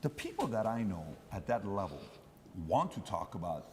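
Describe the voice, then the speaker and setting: Man, interviewer, conversational, storytelling, acts out dialogue, lowish voice, faint noise. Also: sing-song, normal speed, big-room sound.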